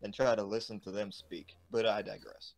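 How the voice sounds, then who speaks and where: A man talking in slangy, animated chat with a fellow streamer about games and friends. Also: on the low side, brisk. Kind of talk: casual gaming stream chat.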